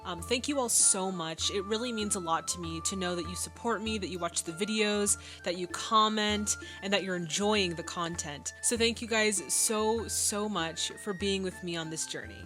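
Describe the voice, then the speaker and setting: A young woman hosting a casual film reaction, chatty and excitable, laughing easily. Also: mid-range voice, moderate pace, hardly any pauses, faint music behind. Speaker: movie reaction host.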